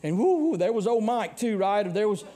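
A man in his forties with a Southern US accent preaching a sermon as pastor, swinging between hushed warnings and loud calls. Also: high voice, lively intonation, normal speed.

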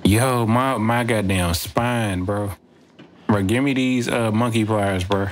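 A gaming streamer talks his way through a let's play, his voice lowish and unhurried with a slight hiss or hum in the recording. He rambles, cracks jokes, and says "bro" constantly while the game audio plays underneath.

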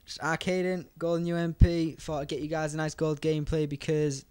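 A young British man giving fast, rambling gameplay commentary and talking straight to his viewers. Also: a little high, level tone, darkish tone, clear, resonant tone, no echo. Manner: fast, rambling, chatty, addresses viewers directly. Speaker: gaming YouTuber.

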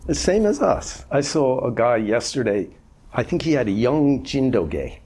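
A man in his seventies speaks as a Zen master, telling stories in a relaxed, gently humorous way. His voice is a little husky, and his pitch moves in a lively way through each phrase. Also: a little slow. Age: 70s. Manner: conversational, gently humorous storytelling. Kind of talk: informal dharma talk answering a question.

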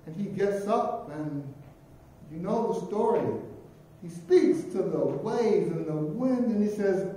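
A middle-aged pastor preaching a sermon, swinging between loud emphatic lines and near-whispered ones. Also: male voice, high voice, expressive, a little slow, slight background noise. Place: church sanctuary. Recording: very echoey church room from a distance.

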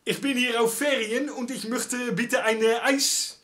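A man's voice: very high voice, fairly even intonation, pitched above the performer's own voice, exaggerated voice. A man playing a bumbling Dutch tourist who halts and stumbles over his words, with a thick Dutch accent. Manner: halting, stumbling for words, loud. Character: bumbling Dutch male tourist mangling German.

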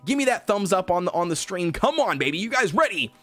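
Male gaming streamer, high lively voice, excitable, cheers and hypes the chat. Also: fast, soft background music. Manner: hyped, excitable, cheering at the game. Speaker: gaming livestreamer. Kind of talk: live gameplay commentary.

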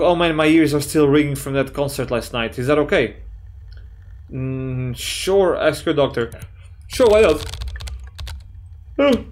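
A gaming YouTuber with a medium-pitched voice gives excitable, jokey let's play commentary, swearing often and reading chat messages aloud in playful voices. There's a little hiss or hum.

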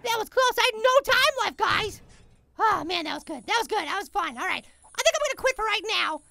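Midget Apple, a squeaky tiny apple guy. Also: animated, brisk, creaky, bright, forceful tone, no room sound, heavily acted. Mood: excitable. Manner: hyper, exclaiming, talks to viewers. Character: tiny excitable male apple gamer. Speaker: let's play host. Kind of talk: let's play commentary.

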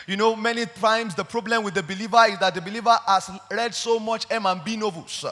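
A man preaching a sermon, animated and full of stories. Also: sits high, a little fast, few pauses. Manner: animated, storytelling with acted quotes. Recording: long hall reverb.

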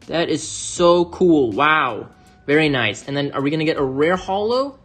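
A man's voice: fairly high pitch, expressive, moderate pace, fairly bright tone, husky, soft background music. A man hosting an unboxing video, talking casually to viewers and gushing over each card. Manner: chatty, addresses viewers as "you guys"; gushing exclamations. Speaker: card-opening channel host.

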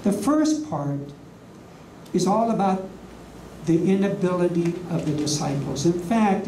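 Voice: medium pitch, mellow. Emphatic preacher in an echoey room. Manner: slow, emphatic stresses and rhetorical questions. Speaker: preacher teaching a ministry class. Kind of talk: sermon with slides. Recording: echoey room, voice from a distance, faint hum.

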